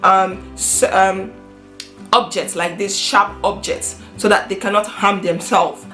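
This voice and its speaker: A woman's voice: mid-range voice, a bit bright. A middle-aged woman from Africa talking earnestly to camera in a casual vlog, often repeating and restarting her phrases. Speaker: vlogger. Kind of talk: casual personal talk to camera. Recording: roomy echo with faint guitar music.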